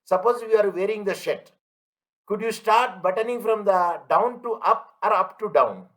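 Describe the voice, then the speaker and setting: A man's voice: sits high, normal speed, fairly bright tone, rough recording. A man teaching an online class, repeating his points and asking students if they follow. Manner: everyday analogies, emphatic. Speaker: lecturer.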